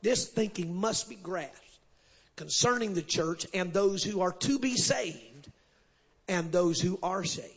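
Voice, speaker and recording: A man preaching a sermon to a congregation, dropping frequent amens and rising to shouted refrains. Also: high voice, unhurried, husky, muffled recording. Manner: builds to shouted call-and-response, sprinkles amen. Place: church service with congregation.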